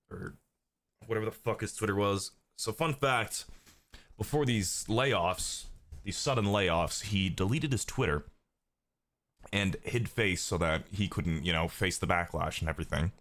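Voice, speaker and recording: A man with a low voice, a bit raspy because he is sick, talks to his stream audience. His frustrated commentary is full of swearing and keeps climbing into heated outbursts. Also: fairly bright tone.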